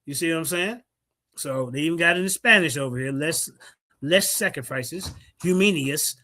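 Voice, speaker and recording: Man, high and lively voice, cocky debate-stream host on a heated rant. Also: normal speed. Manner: brash, profane, mocking, reads out sources. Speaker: livestream host.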